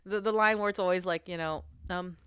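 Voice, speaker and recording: A woman's voice: lowish voice, steady tone, brisk, fairly bright tone, smooth. A woman streamer chatting casually with her viewers, giggling often and talking with lots of fillers. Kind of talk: casual chat on a livestream.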